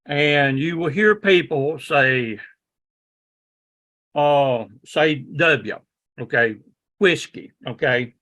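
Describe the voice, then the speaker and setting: A man with a Southern drawl lectures a classroom in a loose, folksy manner, leaning on "okay?" to check that his students follow. His voice sits a little high and rings bright and forceful. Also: drawn-out words, long pauses. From Southern United States. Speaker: ham radio class instructor.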